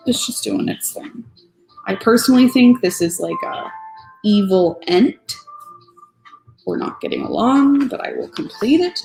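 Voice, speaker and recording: A woman's voice: on the high side, gravelly, low-quality recording. A woman streamer chatting casually and grumbling playfully while she builds a model. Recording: soft music playing behind.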